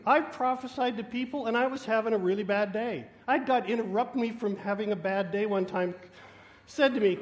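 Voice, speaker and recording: A man preaching a sermon, telling a story in an animated and self-mocking way. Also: extremely high pitch, normal speed. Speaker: guest preacher.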